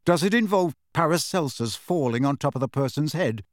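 An earnest young schoolboy wizard, as a man reads him aloud, pitched above an ordinary adult man's voice. He speaks eagerly and directly, and the close, dry recording has no room sound. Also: animated, a little fast, no room sound, natural voice.

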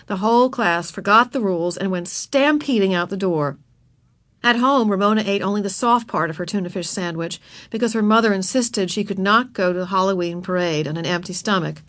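Woman reading a kids' book out loud, lively, acts out the characters, dry close recording. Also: mid-range voice, no echo. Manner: expressive, voices the characters. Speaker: narrator. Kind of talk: reading a children's book aloud.

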